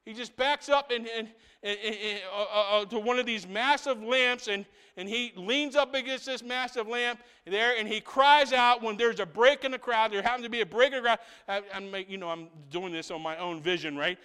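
A male pastor preaches in a church with a high, ringing voice that is smooth and resonant. He climbs to loud, fervent peaks, then drops to near-hushed asides, stacking repeated phrases for emphasis. He keeps tossing a quick "right?" to the congregation. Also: long reverb tail. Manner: swings between loud, rising proclamation and hushed, intimate asides. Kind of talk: sermon.

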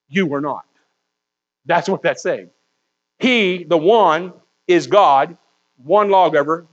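Male pastor, high-pitched, emphatic sermon delivery, muffled lo-fi sound. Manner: emphatic, slows down on key words and builds to raised peaks.

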